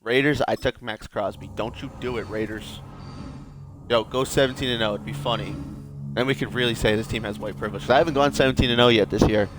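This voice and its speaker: Music plays behind a young adult man who talks fast in a medium-pitched voice. As a video host, he offers casual gameplay commentary, joking and rambling to himself.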